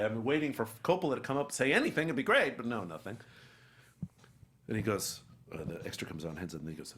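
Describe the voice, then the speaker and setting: A middle-aged man with a fairly low voice tells an anecdote as a guest. His pitch leaps up and down as he acts out each person in the story. He is animated and playful throughout. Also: fast talker, a little hiss or hum. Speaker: actor guest.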